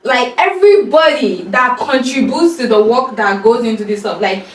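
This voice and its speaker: A young adult woman vlogging in a casual, excited, slangy way about her year and unboxing gifts. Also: a little high, normal speed. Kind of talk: casual vlog chat. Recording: echoey room from a distance.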